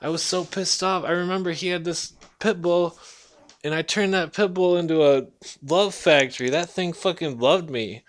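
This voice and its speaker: A man's voice: a little high, normal speed. A man delivering a blunt, profanity-heavy casual rant to the camera. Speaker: vlogger.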